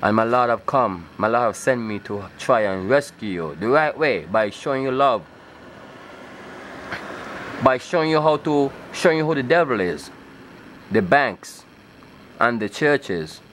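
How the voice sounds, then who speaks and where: Male video blogger, mid-range pitch, fervent sermon-style rant, keeps asking "okay?". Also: animated, unhurried, pauses often, fairly bright tone, a little hiss or hum. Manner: emphatic and insistent, often repeats himself with "okay?"; breaks into rising, scripture-like declamation. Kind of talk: preaching monologue to camera.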